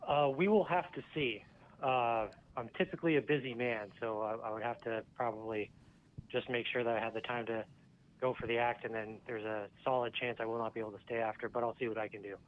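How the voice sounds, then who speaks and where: A man's voice: medium pitch, fairly even intonation, a little fast. A man answering a call, hesitant and awkward, with lots of fillers. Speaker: person on a phone call. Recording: muffled phone line.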